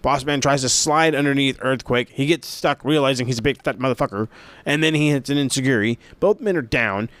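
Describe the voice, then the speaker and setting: In a dry recording, a man with a mid-range voice talks fairly quickly as he casually recaps an old wrestling show. As a wrestling review host, he's profane, sarcastic and animated, full of swearing and asides.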